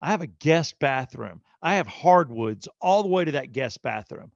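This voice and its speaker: A middle-aged man with a gravelly, fry-edged voice tells a story on a podcast and slips into animated impressions of everyone in it. The recording is dry and slightly dull, close and without room sound. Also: medium pitch, moderate pace, few pauses, no room sound. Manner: animated storyteller, acting out quotes. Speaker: podcast co-host. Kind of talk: casual storytelling chat.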